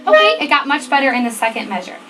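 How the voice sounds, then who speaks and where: A fairly high-voiced woman runs a band rehearsal, counting off and steering her students with steady directions. Band music plays clearly behind her in the rehearsal room. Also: fast, poor audio. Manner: directive, counts off tempo, checks in with "okay?". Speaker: band teacher. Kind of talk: rehearsal instruction. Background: student band playing.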